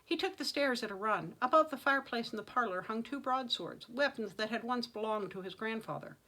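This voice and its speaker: Bright, dramatic woman reading fantasy aloud. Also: a little high, a little fast, rough recording. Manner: dramatic, expressive narration. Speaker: author reading her own novel. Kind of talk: audiobook-style fantasy reading.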